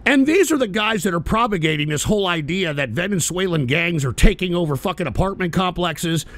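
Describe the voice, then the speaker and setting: A male talk show host ranting at his audience in a profane, combative way, often shouting. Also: high voice, expressive, fairly quick, no echo. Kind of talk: live call-in talk show rant.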